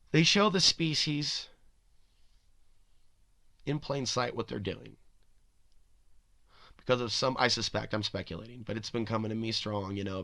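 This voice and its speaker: A man's voice: medium pitch, gravelly, fairly bright tone, dry recording. Rambling male podcast host, dry sound. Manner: rambling, speculative, full of "you know" and restarts. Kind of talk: spoken monologue.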